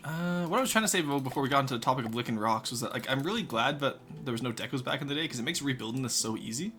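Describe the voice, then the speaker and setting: A man's voice: medium pitch, lively intonation, racing, fairly bright tone, faint music behind. A man streaming live, chatting casually with his chat while building in a game, rambling and swearing freely.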